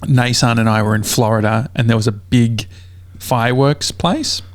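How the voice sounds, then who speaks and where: A man's voice: medium pitch, normal speed, no echo. Australian guy, young, chatty podcast host, swears freely, dry close mic. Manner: rambling storyteller, swears a lot, many fillers. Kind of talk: casual chat.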